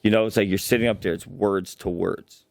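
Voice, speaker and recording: A man's voice: low voice, fairly even intonation, fairly quick, gravelly, dry recording, studio quality. A man, a stand-up comedian, chatting casually and brashly on a podcast, swearing and joking. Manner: profane, brash, jokey. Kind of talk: casual chat.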